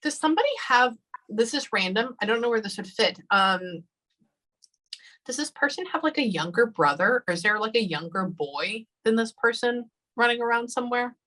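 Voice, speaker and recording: A woman giving a casual live reading, often pausing and dropping into soft whispers. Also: fairly high pitch, animated, low-quality recording. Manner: casual, pauses often with "hold on" and drops to whispers. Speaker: psychic medium.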